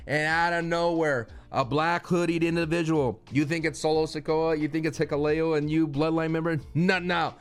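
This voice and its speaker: A man giving a casual, excitable recap of a wrestling show, rambling and slangy, with stops and restarts. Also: a little high, moderate pace, hardly any pauses, smooth.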